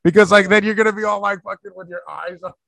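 A man's voice: high voice, fairly even intonation, quick pace, vocal fry, a bit bright. Rambling, profane young man on a video call. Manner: profane, rambling, laughs a lot. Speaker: podcast host. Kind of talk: casual podcast chat over video call.

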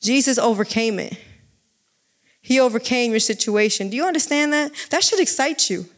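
A woman giving an informal sermon with a personal testimony, talking in an excitable, emphatic, chatty way. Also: fairly high pitch, moderate pace. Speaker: devotional speaker.

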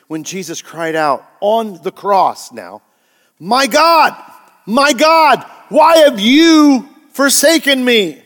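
A man's voice: fairly high pitch, a bit bright, long reverb tail. A male pastor preaching a sermon, emphatic and often asking the congregation rhetorical questions.

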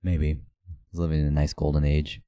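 A man with an extremely deep, mellow voice, co-hosting a podcast in a laid-back way. He tosses in wry one-liners during a casual chat. The recording is dry and close. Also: flat delivery, a little fast, no echo. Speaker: podcast co-host.

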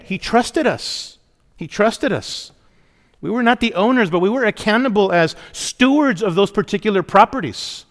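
A middle-aged male pastor preaching a sermon in a church, emphatic and often calling out to the congregation for a response. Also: high voice. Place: church sanctuary. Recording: long hall reverb.

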